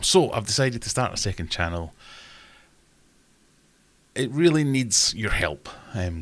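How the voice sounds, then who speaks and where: A man's voice: low voice, a bit bright. A man hosting a casual live stream, chatting in a rambling, self-deprecating way.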